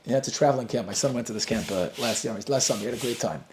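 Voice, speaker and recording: A man teaching a Talmud class, animated and explaining step by step, with a story worked in. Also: mid-range voice, rapid-fire, a little hiss or hum. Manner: animated, switches between English and Hebrew-Aramaic terms.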